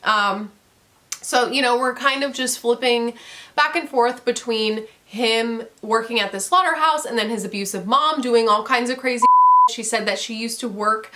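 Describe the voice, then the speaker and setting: Bright-voiced woman rambling about a book. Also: a little high, moderate pace. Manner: rambling, candid, laughs often, swears. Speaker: book reviewer. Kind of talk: casual book review chat.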